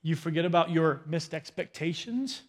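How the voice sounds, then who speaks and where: A man's voice: a little high, normal speed. Man preaching in a reverberant hall. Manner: conversational, asks the room "right?". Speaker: pastor. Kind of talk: sermon on parenting.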